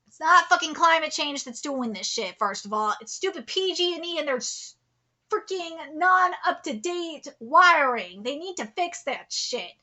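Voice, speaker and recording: A woman's voice: high voice, expressive, normal speed, pushed and bright. A woman in her thirties from California, giving live reaction commentary in a blunt, profane, impassioned way. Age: 30s. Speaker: manga reaction streamer.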